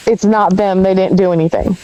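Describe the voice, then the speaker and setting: A woman's voice: medium pitch, fairly even intonation, a little fast, warm tone, a little hiss or hum, poor audio. A woman in a livestream chat, pressing others with pointed questions. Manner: probing, asks pointed questions.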